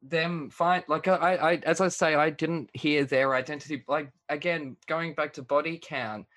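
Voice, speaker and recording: A man's voice: on the high side, steady tone, a bit bright. Self-mocking young podcast guy. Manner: self-mocking, rambling, quick to laugh. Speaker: podcast co-host. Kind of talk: casual chat.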